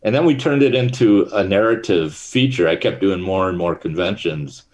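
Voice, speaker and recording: With a deep voice at moderate pace, a middle-aged actor talks as an interview guest in casual conversation. His storytelling rambles, heavy on fillers and restarts.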